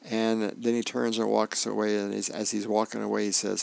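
Man, volunteer radio reader, gravelly, dry close sound, light character voices. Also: fairly low pitch, little pitch movement, normal speed, no echo. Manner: reads comic dialogue with small voice changes. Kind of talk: reading comics and news aloud. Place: radio reading service studio.

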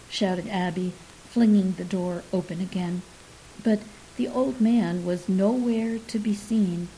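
A woman reading a story aloud in an unhurried, softly dramatic way, now and then dropping to a whisper. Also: mid-range voice, a little hiss or hum, poor audio.

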